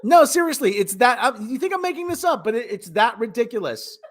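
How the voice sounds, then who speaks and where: A man's voice: very high voice, very animated, brisk. A man hosting a casual comedic podcast, riffing and mocking characters in put-on voices. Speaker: podcast host.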